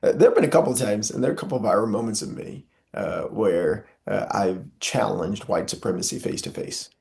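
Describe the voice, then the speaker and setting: Young man, impassioned interview guest, rough gravelly tone. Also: lowish voice, fairly quick, a little mellow. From Southern US. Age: young adult. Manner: impassioned, preacherly, frequent filler "uh". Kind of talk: earnest interview conversation.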